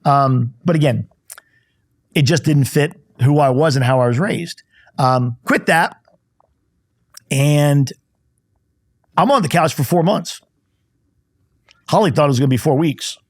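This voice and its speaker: A man in his fifties, an insurance company CEO, is a guest in a podcast studio, telling his life story in casual conversation. He's candid and blunt, acts out dialogue, and swears lightly. His voice is slightly high and measured, with long pauses, on a dry, studio-quality recording.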